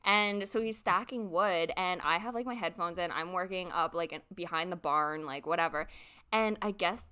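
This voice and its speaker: A woman's voice: lowish voice, moderate pace, pushed and bright, clear, resonant tone. A young adult woman telling a rambling story in casual chat, full of "like" fillers.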